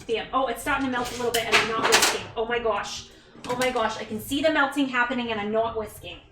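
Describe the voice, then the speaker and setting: In her home kitchen, a livestreaming mother cooks and talks casually with her audience, thanking viewers by name and making jokes at her own expense. Her voice sits on the high side, steady and quick, picked up by a distant mic a bit off-axis in an echoey room with heavy background noise.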